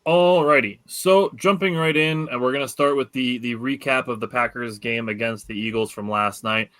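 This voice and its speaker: Bright-voiced Wisconsin sports podcast host. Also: male voice, mid-range voice, normal speed, no echo. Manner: loose, filler-heavy, enthusiastic. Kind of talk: casual sports podcast chat.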